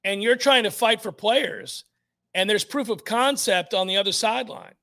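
A man's voice: high voice, bright, forceful tone. A man hosting sports talk radio, blunt and emphatic, repeating points for effect.

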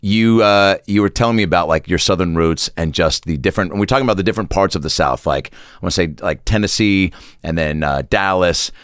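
A man's voice: deep voice, brisk, a bit bright, clear, resonant tone, dry recording, studio quality. A man hosting a podcast, loose and joking, asking rambling questions. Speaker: podcast host. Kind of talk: casual podcast chat.

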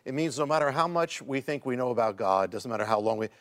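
A man, a guest author, explaining Hebrew scripture words in conversation, halting with many restarts before building to emphatic points. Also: medium pitch, animated, fairly bright tone. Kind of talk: casual Bible teaching in conversation.

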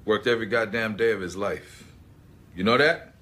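A man's voice: on the low side, moderate pace, bright, forceful tone. An actor playing a blunt, persuasive veteran male homicide detective who talks in an insistent, profane way.

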